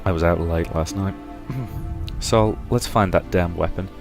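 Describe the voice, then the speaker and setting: Deep-voiced man reading a game aloud. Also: measured pace, music in the background. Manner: reads all characters' lines with shifting pitch and loudness. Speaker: game let's-player. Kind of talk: reading a visual novel aloud, voicing characters.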